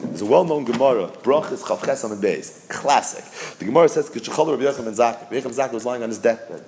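A man teaching a Talmud lesson, explaining passages in English mixed with Hebrew and Yiddish terms. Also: on the high side. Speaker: Torah teacher.

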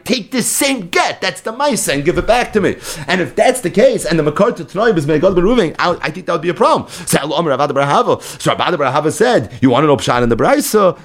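Man giving a lively Talmud class. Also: mid-range voice, creaky. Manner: explains Talmud in English mixed with Aramaic and Hebrew terms. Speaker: Talmud teacher. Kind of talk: daf yomi Talmud lecture.

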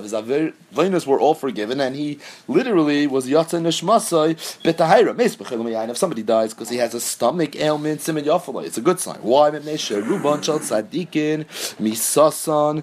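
A man's voice: mid-range voice, breathy edge. A man teaching a Talmud lesson, reading the Aramaic text and explaining it in English with Yeshivish Hebrew terms.

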